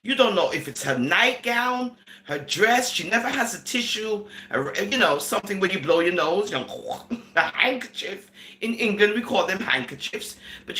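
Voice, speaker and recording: A woman's voice: lowish voice, bright, forceful tone. A woman vlogger giving casual commentary, giggling between sentences and slipping into Caribbean-style phrasing. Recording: echoey room.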